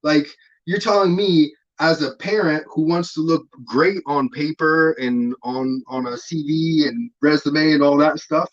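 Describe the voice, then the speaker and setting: A man as an interview guest, telling stories in a laid-back, rambling way, swearing freely and filling pauses with "um" and "like". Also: a little high, muffled recording. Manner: laid-back, profane, rambling with many fillers. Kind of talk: casual storytelling interview.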